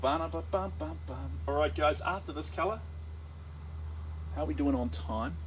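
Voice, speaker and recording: A man's voice: on the high side, moderate pace, a little hiss or hum, rough recording. Rambling New Zealand man chatting. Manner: rambling, playful, full of restarts and tangents. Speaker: artist. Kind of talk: casual livestream chat while painting.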